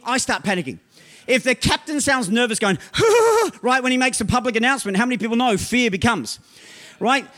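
A man with a very high voice delivers a sermon with loud, emphatic bursts. He reads scripture in a slow, deliberate way and keeps checking in with his listeners between points. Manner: emphatic preaching, often asking "right?", slow scripture reading. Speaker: pastor.

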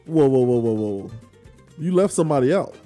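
A man's voice: mid-range voice, animated, a little fast, mellow, faint music behind. A male podcast host in a casual sports debate, teasing his co-host and reading viewer comments.

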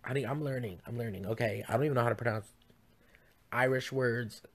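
A young man chats on his home podcast in a campy, gossipy way, wandering off into tangent after tangent. His voice sits at an ordinary middle pitch and he keeps it loose and conversational. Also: fairly quick, husky. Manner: chatty, campy, rambling asides. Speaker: podcast host. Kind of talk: casual chat. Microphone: podcast mic.

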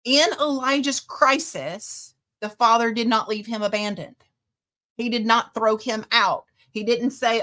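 A woman's voice: on the high side, steady tone, unhurried, pushed and bright. A woman preaching a sermon, reading scripture aloud and speaking with passionate emphasis.

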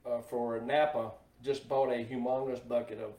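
A man's voice: mid-range voice, little pitch movement, normal speed, dark tone. A man who worked on a race team, telling stories in a plain-spoken, laid-back way as a guest. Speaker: guest, former race team crew member. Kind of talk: casual storytelling chat. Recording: echoey room, mic at a distance.

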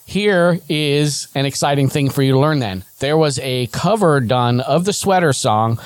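A man's voice: mid-range voice, moderate pace, no echo. A man co-hosting a podcast in casual chat, with wry, teasing banter. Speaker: podcast co-host.

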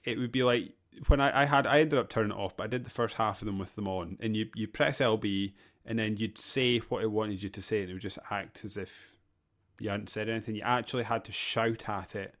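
A man's voice: lowish voice, fairly even intonation, fairly quick, fairly bright tone. A man in a casual gaming podcast chat, easygoing and laughing often, often restarting his sentences. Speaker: podcast co-host.

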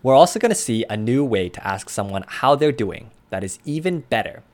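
A man co-hosting a language lesson, explaining pronunciation in a clear, methodical way. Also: mid-range voice, sing-song, brisk. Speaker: language podcast co-host.

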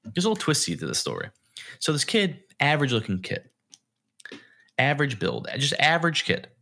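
A young man co-hosting a casual podcast, telling a long anecdote with a bright, clear tone. His pitch swings widely as he acts out what people said, and he sounds loose and animated. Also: fairly quick. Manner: animated storyteller, acts out quotes. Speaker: podcast co-host. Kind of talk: casual storytelling chat.

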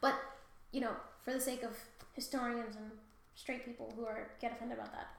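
A woman's voice: fairly high pitch, flat delivery, fairly quick, vocal fry, very echoey. A woman co-hosting a podcast in casual chat, loose and profane, laughing often. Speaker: podcast co-host.

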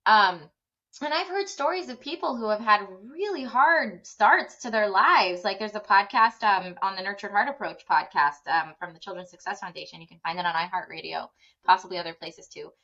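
A woman's voice: medium pitch, normal speed, sharp tone. A woman hosting a parenting podcast interview, talking in an earnest, effusive way with many fillers. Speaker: podcast host. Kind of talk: conversational interview. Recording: dull lo-fi sound.

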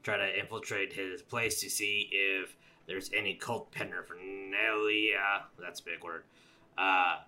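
A man's voice: low voice, steady tone, measured pace, bright, forceful tone. A man playing a tabletop game, chatting casually in a rambling, joking way. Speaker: player.

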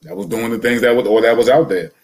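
A man's voice: mid-range voice, fast, low-quality recording. A man co-hosting a casual podcast, agreeable and full of "you know" fillers. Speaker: podcast co-host.

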